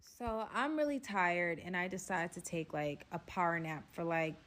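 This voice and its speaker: A young woman telling a personal story in a storytime vlog, animated and dramatic, acting out quotes. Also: lowish voice, moderate pace, slight background noise.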